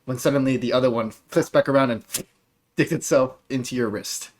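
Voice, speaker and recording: A man narrating as game master of a tabletop game, casual and lively, with many filler words. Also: mid-range voice, a little fast.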